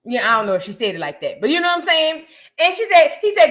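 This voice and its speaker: A woman, co-hosting a chat show and telling stories in an animated, slangy way. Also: sits high, quick pace. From United States. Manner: animated, slangy, repeats phrases for emphasis. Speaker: podcast co-host. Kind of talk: casual storytelling chat.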